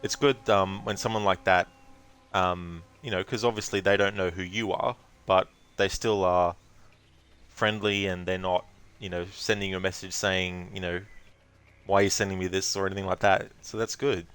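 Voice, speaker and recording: A man's voice: low-pitched, flat delivery, normal speed, a bit bright, clear, resonant tone. A man streaming a video game, chatting in a rambling way and laughing easily. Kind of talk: casual gameplay commentary.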